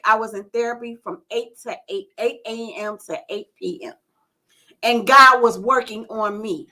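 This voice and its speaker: A woman's voice: sits high, bright, forceful tone. A woman hosting a gospel radio show, sharing her testimony and encouraging listeners in an emphatic, preacherly way. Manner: preacherly, emphatic, slow and deliberate.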